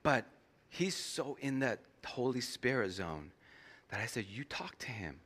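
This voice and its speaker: A male pastor preaching in a church, his delivery lively and swinging widely in pitch. His tone is bright and forceful as he acts out a story and pauses for his interpreter. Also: slightly rough. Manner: animated storytelling, acting out dialogue. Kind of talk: sermon with live interpretation.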